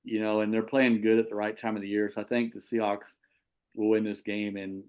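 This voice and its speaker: A man hosting a casual sports talk show, animated and quick to repeat himself as he asks his co-hosts questions. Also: fairly low pitch, clean tone, narrow, tinny audio. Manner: animated, repeats and restarts words. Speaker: show host and football official.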